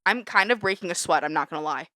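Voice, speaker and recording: Bright-voiced ranting young woman. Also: quick pace, no room sound, studio quality. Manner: heated, ranting, swears a lot; animated, big jumps in pitch when fired up. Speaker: podcast co-host. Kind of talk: casual chat. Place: small studio under a lamp.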